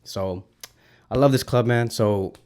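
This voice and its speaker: A man hosting a football fan channel, giving an excited, ranting reaction to a match and repeating himself when worked up. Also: fairly low pitch, a little slow.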